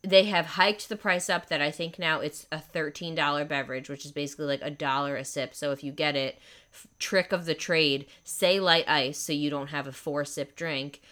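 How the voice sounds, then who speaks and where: Bright, clear-voiced young woman chatting. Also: sits low, fairly even intonation, normal speed. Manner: chatty, enthusiastic, lots of "like". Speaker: podcast host. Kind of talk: casual chat.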